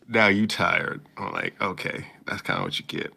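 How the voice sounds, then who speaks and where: A man casually recapping an anime episode as a podcast co-host, slipping into quick mock voices for the characters. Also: low-pitched, huge pitch swings, gravelly, bright, forceful tone, slightly rough. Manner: loose storytelling with slang and quick mock voices.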